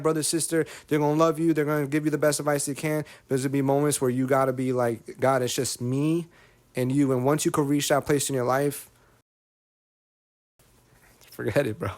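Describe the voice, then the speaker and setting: A man in his thirties who opens up on a podcast, emotional and preachy. He circles back and repeats his phrases as he speaks. His voice sits at an ordinary middle pitch. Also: little pitch movement, a little fast. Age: 30s. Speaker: guest, rapper and content creator. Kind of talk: candid podcast conversation.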